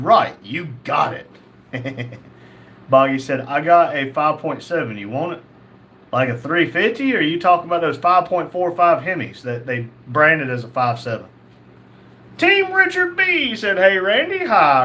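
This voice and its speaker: A man hosting a casual livestream, reading viewer messages aloud and joking back at them. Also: a little high. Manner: jokey, laughs often, reads messages in a flat quoting tone. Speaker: livestream host.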